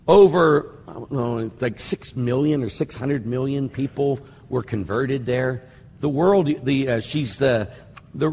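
An older man, a Catholic priest, giving a casual, rambling teaching talk that slows down whenever he recites prayers. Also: medium pitch, vocal fry. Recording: hall reverb with faint ambient noise.

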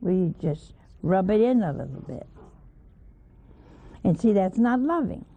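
A woman preaches in a folksy, gently questioning way, often tossing questions to her listeners. Her voice is gravelly and she talks unhurriedly. It sounds thin and tinny, like an old phone-line recording. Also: mid-range voice, big pitch swings, unhurried. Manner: folksy, questioning, chuckling asides. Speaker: religious teacher. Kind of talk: informal sermon.

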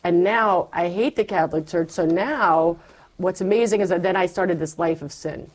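In an open, spirited exchange, a middle-aged woman relates her faith story and dramatizes the person she once was. Her pitch is fairly low and her pace moderate.

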